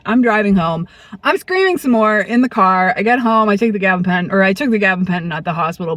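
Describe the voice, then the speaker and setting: A woman's voice: mid-range voice, normal speed, no echo. A woman telling a personal story in a candid, blunt monologue, swearing freely and acting out the people she quotes. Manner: blunt, profane, animated, acts out quoted people.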